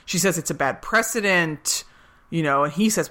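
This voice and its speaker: A woman's voice: sits low, sing-song, normal speed, sharp tone. A woman co-hosting a podcast, chatting casually and retelling scenes with quoted lines. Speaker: podcast co-host. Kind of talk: casual recap chat.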